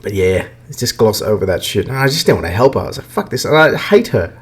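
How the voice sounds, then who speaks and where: A husky, lowish-voiced podcast host talks fast with lively intonation as he profanely and bluntly rants about video games in a casual conversation.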